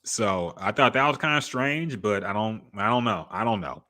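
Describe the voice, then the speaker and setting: A man co-hosting a casual podcast, talking in a loose, profane way full of fillers. His voice sits a little low but sounds bright and forward. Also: expressive, normal speed. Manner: laid-back, loose and profane, trails off with fillers. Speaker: podcast co-host.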